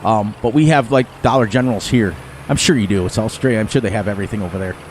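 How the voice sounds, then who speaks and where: A man's voice: on the low side, quick pace, a little mellow, a little hiss or hum. A middle-aged man chatting to his viewers during a live game stream. He rambles in a folksy way and laughs often. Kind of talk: casual rambling chat to viewers.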